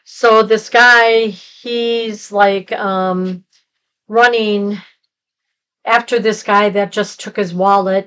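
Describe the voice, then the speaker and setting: A woman's voice: mid-range voice, steady tone, takes it slowly, a bit bright, clean tone, dull audio. Rambling woman recapping a film. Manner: rambling plot recap with fillers. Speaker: podcast co-host. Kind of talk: casual movie review chat.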